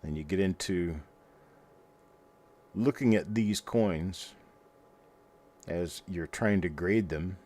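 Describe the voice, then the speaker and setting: A man's voice: sits low, slow, long pauses, dark tone. A middle-aged man hosting a livestream, chatting casually and rambling in a folksy way while he talks to his viewers. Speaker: host of a coin roll hunting livestream.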